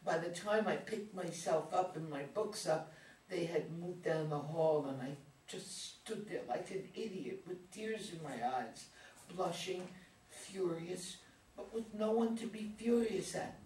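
A woman's voice: on the low side, unhurried, a little mellow, natural voice. A woman reading the part of an awkward, self-conscious teenage girl in a reader's theater play, talking in an emotional, rambling way. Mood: indignant. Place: community theater reading room. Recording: echoey room, mic far off, some hiss.

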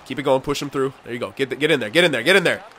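A young man giving live commentary on his own hockey video game play, excitable and swearing loudly at the computer players. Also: mid-range voice, racing, slightly rough. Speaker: gameplay commentator.

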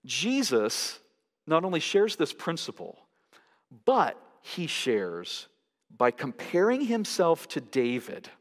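A man preaching in a large church sanctuary, his lively, swinging intonation climbing high whenever he drives a point home. His slightly raised voice carries a long hall reverb. He speaks as a pastor giving an emphatic sermon. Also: takes it slowly. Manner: emphatic, rises sharply in pitch to stress points.

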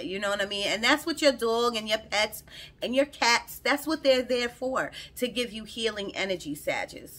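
A woman doing a chatty tarot reading, recorded on her phone. Her voice is bright and forward, and she talks to her viewers in a loose, rambling way, circling back and repeating her words as they come to her. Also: mid-range voice. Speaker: tarot reader. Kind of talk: casual spoken tarot reading to camera.

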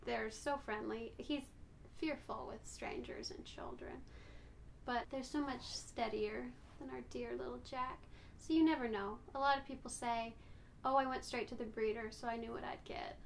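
A woman's voice: sits high, fairly even intonation, moderate pace, vocal fry, slight background noise. A woman vlogger chatting casually to camera about her rescue dogs, affectionate and rambling, cooing at them now and then. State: out of breath.

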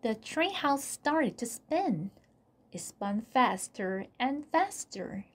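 Slow, soft storybook reader. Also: female voice, fairly high pitch, sing-song. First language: Korean. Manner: soft, often dropping to a whisper. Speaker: channel host reading aloud. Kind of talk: slow read-aloud storybook narration.

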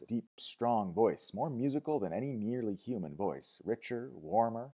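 A man narrating a novel as an audiobook, expressive, dropping to hushed tones and rising to loud cries. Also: on the low side. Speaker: audiobook reader.

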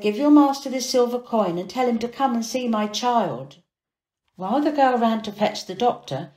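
A woman reads a fairy tale aloud for children, with expressive, dramatic phrasing at a middle pitch. Her voice rings in a room with a clear echo. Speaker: storyteller. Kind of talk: storybook reading for children. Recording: echoey room.

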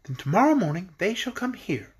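A gentle fairy girl ruler from a storybook, as a man reading aloud puts her on. She speaks graciously and formally, higher than his own voice, with a breathy softness and a lilting, lively pitch. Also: brisk, full character voice.

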